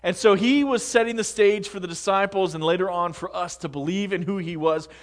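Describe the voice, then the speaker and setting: A man preaching a sermon to a congregation, talking conversationally with rhetorical questions and swinging between hushed words and loud emphasis. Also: sits high, a little fast. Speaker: pastor. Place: large room with a congregation. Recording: long hall reverb.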